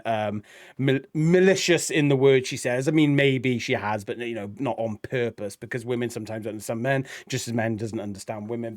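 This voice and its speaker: A man co-hosting a casual reaction show, rambling and acting out quoted lines. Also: mid-range voice. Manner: rambling, animated, acts out quoted dialogue. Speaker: reaction video co-host.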